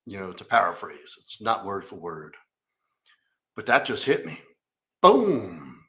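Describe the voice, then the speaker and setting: Guy coaching on a live q&a, bright voice, rambling and swearing a lot as he tells his story. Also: lowish voice, sing-song, a little slow. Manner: candid, profane, rambling storytelling.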